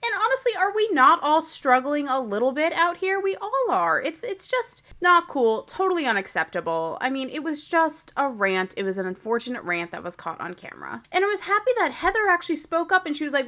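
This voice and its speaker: A young woman hosting a podcast, chatty and opinionated, who breaks into laughter often. Her voice sits a little high, close on a podcast microphone. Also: sing-song, brisk, few pauses, sharp tone. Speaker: podcast host. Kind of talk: casual reality-TV recap.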